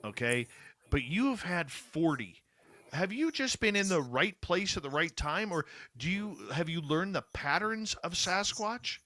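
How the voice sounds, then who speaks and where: A male radio host with a bright, forceful voice, recorded dry and close. He speaks in an effusive, emphatic way, leaning hard on key words. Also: high-pitched, lively intonation, measured pace, no echo. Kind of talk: casual interview talk.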